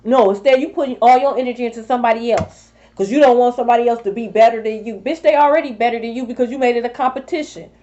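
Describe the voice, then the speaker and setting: A woman's voice: fairly high pitch, quick pace, few pauses, mellow, muffled recording. A woman tarot reader scolding her rivals in a sassy, profane vlog monologue. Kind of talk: confrontational spiritual vlog monologue.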